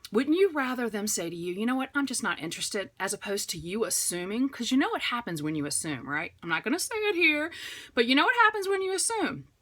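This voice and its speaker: A woman coaching direct sellers in a chatty, upbeat way, acting out phone calls in a brighter voice. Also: fairly high pitch, big pitch swings, fast. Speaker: direct sales trainer. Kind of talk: motivational sales coaching talk.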